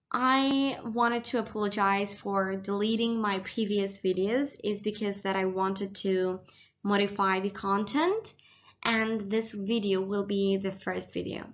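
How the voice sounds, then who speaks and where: A woman's voice: mid-range voice, a bit bright, lo-fi sound. A woman teaching vocabulary in a casual lesson, patiently repeating words with hesitant fillers. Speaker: language teacher.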